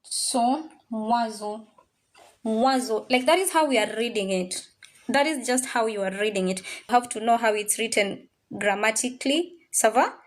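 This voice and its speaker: A woman teaching a French class, drilling words slowly and repeating them, now and then mixing in Swahili phrases. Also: fairly high pitch. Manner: slow, repetitive drilling of words. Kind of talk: classroom language lesson.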